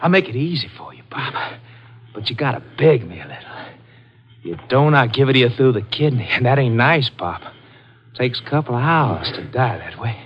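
A man's voice: mid-range voice, very animated, normal speed, natural voice. A man playing a sadistic young cop killer who mocks his victim, in 1950s radio drama acting. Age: young adult. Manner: mocking, cackling taunts. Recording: muffled old radio broadcast with hiss.

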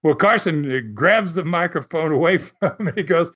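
A man's voice: fairly high pitch, normal speed, hardly any pauses, fairly bright tone, husky. A man, a former wrestler, telling a story in a folksy, laughing way with many fillers. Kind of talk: casual storytelling. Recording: slightly muffled recording.

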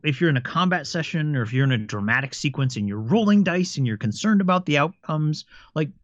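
Telling animated stories in casual chat, this man, a game master who co-hosts a podcast, keeps stammering and starting over. He's on the high side and a little fast, with no echo, captured in dry, somewhat dull lo-fi audio.

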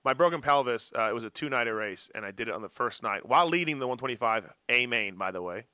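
A middle-aged man hosting a casual motocross chat, telling animated self-mocking stories. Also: medium pitch, fast, dry recording. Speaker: podcast host.

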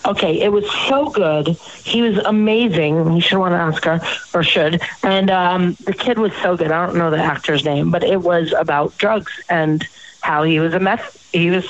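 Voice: mid-range voice, normal speed, highs cut off. A host rambling through profane personal stories in a casual chat.

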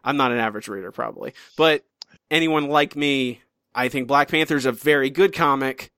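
A podcast co-host chats casually and teasingly while reviewing comics, often trailing off and restarting sentences. His mid-range voice is bright, forceful and clean, at normal speed, with clean studio sound and no room sound.

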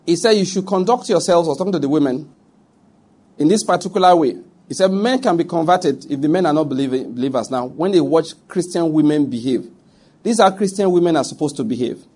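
A man's voice: a little high, animated, fairly quick, a little mellow, slightly rough. A middle-aged Nigerian man preaching a sermon, emphatic and direct, repeating his points and speaking straight to his listeners.

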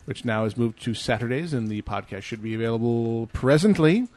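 A man's voice: medium pitch, lively intonation, fairly quick, darkish tone, no echo. Dry-sounding playful male podcast host. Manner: playful, laughing, mock-grand outro patter. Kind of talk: casual podcast chat.

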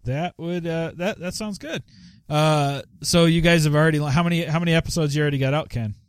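A man hosting a live podcast in a loose, rambling chat, full of fillers and quick laughs. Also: a little high, clean tone, no room sound, studio quality. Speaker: podcast host. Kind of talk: casual live show chat.

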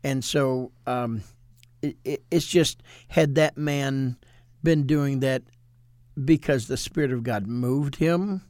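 A man who is a minister, talking in an animated, preachy way in a casual ministry discussion and quoting scripture with emphasis. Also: mid-range voice, takes it slowly, no echo, studio quality.

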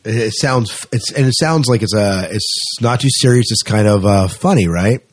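A man's voice: lowish voice, normal speed. A man hosting a podcast, asking questions and reacting briefly in a friendly way. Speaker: podcast host, interviewer.

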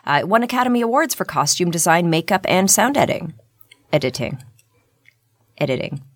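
A woman's voice: mid-range voice, lively intonation, fast talker, no room sound, studio quality. A woman co-hosting a podcast in loose, joking chat, swearing and laughing while she eats and drinks wine. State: eating chips and drinking wine. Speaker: podcast co-host. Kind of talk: casual chat, bloopers.

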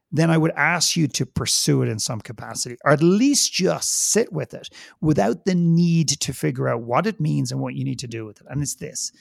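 A man's voice: fairly high pitch, creaky, dry recording, clean studio sound. A man speaking as a guest in a podcast interview, earnest and emphatic, often repeating phrases for stress.

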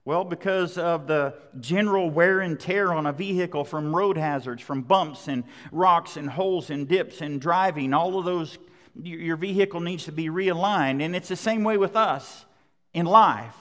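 A man preaching a sermon as pastor, repeating key phrases with emphasis, swelling loud and then dropping soft. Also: fairly high pitch, normal speed. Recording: long hall reverb.

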